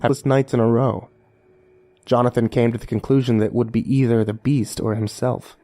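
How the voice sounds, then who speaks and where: A man reading a horror story aloud in a measured, dramatic narration. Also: mid-range voice, flat delivery, mellow. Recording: faint music underneath.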